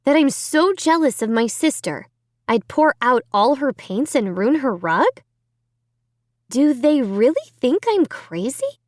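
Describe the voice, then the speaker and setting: A woman's voice: high-pitched, very animated, slow, dry recording, studio quality, pitched above the performer's own voice, exaggerated voice. A woman voicing a frantic, wailing girl. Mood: anguished. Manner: wailing, shrieking, trembling. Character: frantic accused preteen girl. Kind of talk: audiobook character voice.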